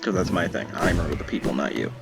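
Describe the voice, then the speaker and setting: A man with a low, gravelly, expressive voice talks quickly while playing a game, joking around and scolding his in-game companion. The let's play commentary sits under loud game music.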